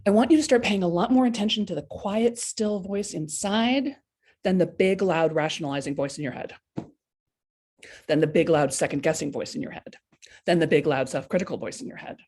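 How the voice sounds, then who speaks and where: A woman's voice: lowish voice, a little fast, slightly rough. A woman hosting a live coaching stream, talking bluntly and casually to viewers and acting out the voices in their heads. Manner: lively, blunt, talks straight to viewers, acts out inner voices. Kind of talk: casual motivational talk. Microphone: webcam or laptop mic for a live stream.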